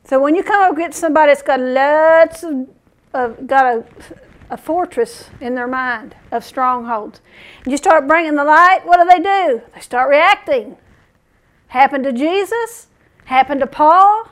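A woman preacher giving a sermon, telling stories in an animated way and chuckling often. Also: sits high, a little slow.

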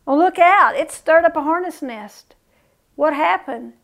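A woman's voice: high-pitched, unhurried, creaky, fairly bright tone. A woman leading a Bible study, reading scripture aloud and adding folksy, chatty remarks between passages. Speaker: Bible teacher.

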